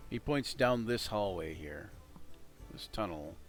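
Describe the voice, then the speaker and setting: A man running a tabletop game as game master, narrating in a relaxed, halting way with frequent pauses. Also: fairly low pitch, soft background music. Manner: relaxed, halting, with many ums.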